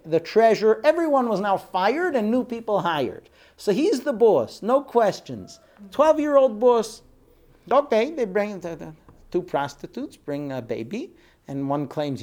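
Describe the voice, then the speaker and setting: Lively man telling teaching stories. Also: high-pitched. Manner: animated storyteller who acts out quoted speech; frequent "uh" and "um" fillers and restarts. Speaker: Torah teacher. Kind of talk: Torah class lecture.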